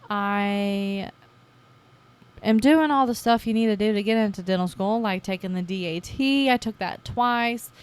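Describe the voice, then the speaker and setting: A young woman in her twenties, hosting her own podcast, telling her story in a chatty, casual way and acting out her past self with lively jumps in voice. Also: medium pitch, smooth. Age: 20s. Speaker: podcast host. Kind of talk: casual personal podcast monologue.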